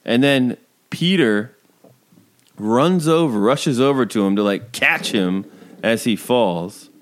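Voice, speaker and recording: A man's voice: mid-range voice, animated, slow pace. A man co-hosting a casual chat, sarcastic and incredulous as he picks apart a TV episode. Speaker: podcast co-host.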